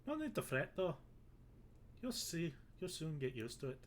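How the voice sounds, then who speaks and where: A man's voice: fairly high pitch, big pitch swings, normal speed, a little hiss or hum. A man voicing a chatty bearded male sailor peddler in a video game, with an exaggerated put-on Irish accent and folksy rustic phrasing. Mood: friendly. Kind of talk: reading game dialogue aloud.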